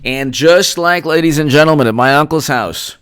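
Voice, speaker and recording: A man hosting a political commentary livestream, reading out viewer comments and thanking them by name in an excitable, rambling way, often repeating himself. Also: on the high side, moderate pace, smooth, no echo, studio quality.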